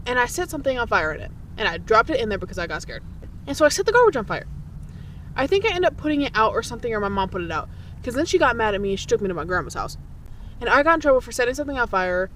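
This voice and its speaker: A woman's voice: a little high, big pitch swings, racing, a bit bright, slight background noise. A young woman casually telling childhood stories on a podcast, swearing freely and laughing often. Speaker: podcast host. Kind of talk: casual chat, storytelling.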